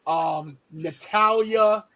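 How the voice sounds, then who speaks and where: Podcast host, man, high-pitched, animated storyteller, casual chat. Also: drawn-out words, low-quality recording. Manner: animated, exclamatory anecdotes.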